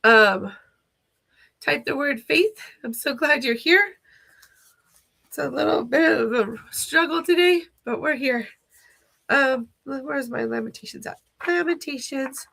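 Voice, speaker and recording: A woman hosting a live devotional stream, speaking earnestly and heartfelt, at times pausing to find a scripture passage and read it aloud. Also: high voice, expressive, gravelly, pushed and bright. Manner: earnest, heartfelt, searching for words. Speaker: children's ministry teacher. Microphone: phone or webcam livestream.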